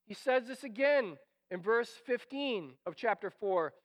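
A man preaching a sermon as pastor, animated and acting out quoted lines, sometimes dropping to a near whisper. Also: very high-pitched, unhurried.

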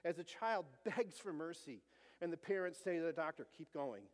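A man's voice: a little high, moderate pace. A middle-aged man preaching a sermon, earnest and full of stories. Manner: storytelling, earnest. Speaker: pastor. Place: church sanctuary. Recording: long church reverb.

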